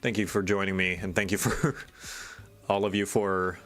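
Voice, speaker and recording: A man's voice: deep voice, flat delivery, moderate pace, a bit bright, soft background music. A man streaming live, in casual chat and ranting with exasperation. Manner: exasperated, venting rant. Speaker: streamer and animator.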